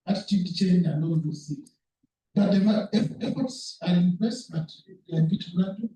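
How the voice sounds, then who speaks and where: Earnest high-voiced man presenting in an echoey hall. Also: animated, warm tone. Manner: halting, repeats words, earnest. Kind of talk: conference presentation. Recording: echoey room, speaker far from mic.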